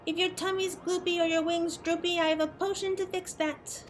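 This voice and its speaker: A woman voicing a fussy little Moogle alchemist in a game, in a chirpy, squeaky put-on voice. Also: flat delivery, moderate pace, soft background music. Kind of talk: reading game dialogue aloud.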